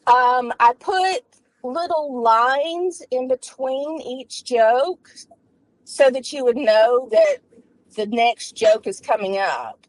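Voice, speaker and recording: A woman author in an interview, telling jokes in an animated way. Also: sits high, slow pace, no echo, poor audio. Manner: animated joke teller.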